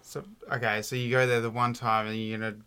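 A man's voice: mid-range voice, flat delivery, quick pace, sharp tone, smooth. A man co-hosting a casual podcast chat, teasing with prodding questions. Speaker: podcast co-host.

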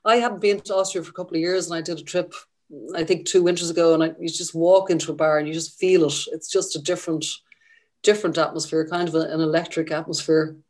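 A middle-aged woman journalist from Ireland chats about her work as a guest, enthusiastic and full of small restarts. Her voice sits fairly low for a woman. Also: fairly even intonation, fast talker, a little mellow. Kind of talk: casual interview.

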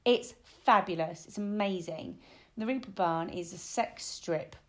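A woman co-hosting a podcast, chatting casually and telling animated stories, acting out the voices as she goes. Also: fairly low pitch, measured pace. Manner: animated storyteller, acts out voices. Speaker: podcast co-host. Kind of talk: casual chat.

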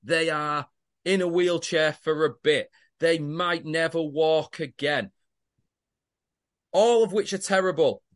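A man with a high voice chats casually, swearing as he reacts. He rants in exasperation about the characters' choices. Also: takes it slowly. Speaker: podcast co-host. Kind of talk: casual recap chat.

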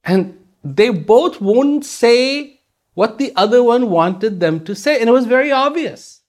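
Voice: medium pitch, expressive, measured pace, darkish tone. A speaker giving a reflective spiritual talk, using rhetorical questions and repetition for emphasis.

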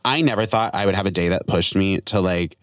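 A young man hosting a casual comedy podcast, telling stories in an animated way and acting out the voices of the people in them. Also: low voice, a little fast, no room sound, studio quality. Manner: animated storytelling, acts out quoted voices. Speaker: podcast host.

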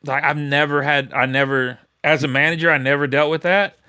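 A man on a casual podcast telling a workplace story in a lively, animated way, acting out the people he quotes. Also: fairly high pitch, fairly quick, clear, resonant tone, no room sound, studio quality. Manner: animated storyteller who acts out quoted voices.

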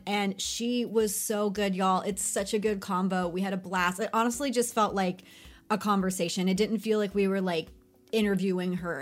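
A woman co-hosts a podcast in a relaxed, chatty way. She runs through lists and quizzes her co-host with easy, conversational energy. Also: medium pitch. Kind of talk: casual podcast chat.

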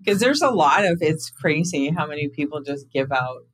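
Animated male podcast host, bright dry voice. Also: on the high side, normal speed, no room sound, low-quality recording. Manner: animated storyteller, acts out quoted voices. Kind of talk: casual conversation.

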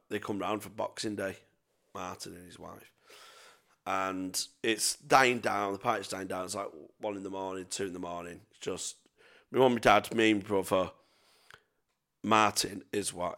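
A man's voice: deep voice, fairly even intonation, normal speed, creaky, a bit bright. A young man telling sweary, rambling stories in casual chat as a podcast co-host. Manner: sweary, rambling anecdotes with self-mocking laughs.

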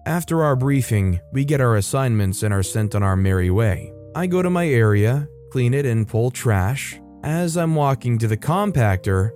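A man's voice: mid-range voice, expressive, normal speed, hardly any pauses, darkish tone, soft background music. A man reading online workplace stories aloud as a narrator, adding wry conversational comments between them. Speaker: story narrator.

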